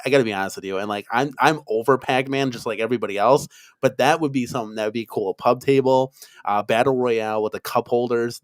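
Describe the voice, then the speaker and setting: A man from Wisconsin hosting a casual live-stream chat, talking in an excitable, rambling way with lots of fillers. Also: lowish voice, no room sound. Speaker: podcast host.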